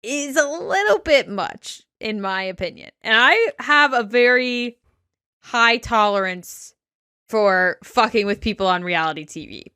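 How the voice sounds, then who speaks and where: A woman's voice: a little high, lively intonation, unhurried, bright, forceful tone, clean tone, no echo, clean studio sound. A woman co-hosting a podcast, giving chatty, wry, opinionated recaps of a reality TV episode. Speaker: podcast co-host. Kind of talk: casual reality TV recap chat.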